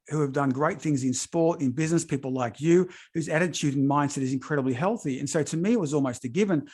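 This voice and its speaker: A middle-aged Australian man hosts a podcast interview, upbeat and effusive, often repeating his praise in enthusiastic chat. His voice is medium-pitched and a little mellow.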